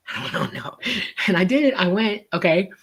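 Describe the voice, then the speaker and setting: Lively storytelling woman on a call. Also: on the low side, moderate pace, slightly rough. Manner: lively storyteller who acts out quoted dialogue. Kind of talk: casual interview talk.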